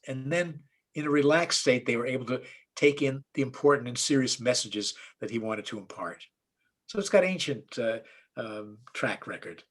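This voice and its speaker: Husky rabbi telling jokes. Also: male voice, mid-range voice. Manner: relaxed storyteller, many fillers and restarts. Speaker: rabbi and stand-up comedian. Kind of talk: online talk telling jokes.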